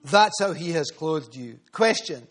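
Man, preacher, sermon, high-pitched, fervent, rhythmic repetition. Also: animated, a little slow, fairly bright tone. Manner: fervent, calls out congregation members by name; rhythmic repetition, builds in volume.

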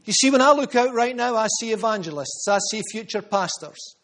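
A Scottish pastor delivers a sermon in a noticeably high voice. He drives his points home with emphatic repetition, then drops into quieter asides. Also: animated, a little fast.

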